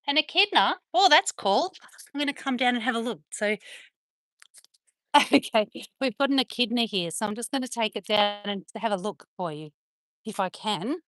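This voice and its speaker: A chatty woman with a slightly high voice talks in a playful, teasing way while out on a farm. Her voice sounds dry and close, with no room around it. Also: lively intonation, moderate pace, a bit bright, no room sound. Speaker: vlogger. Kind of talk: casual chat to camera and to her dogs. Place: outdoors on a farm.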